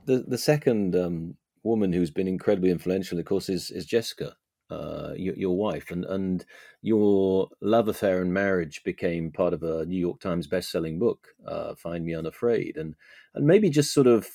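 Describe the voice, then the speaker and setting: A man interviewing a guest, asking questions haltingly with many fillers and restarts. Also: sits low, vocal fry, dark tone, dry recording, studio quality.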